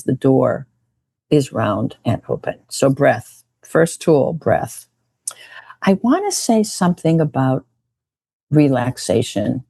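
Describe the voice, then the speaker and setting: A woman meditation teacher who leads a slow, gentle guided meditation and talk, often repeating her phrases. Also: low-pitched, gravelly, slightly rough, no echo.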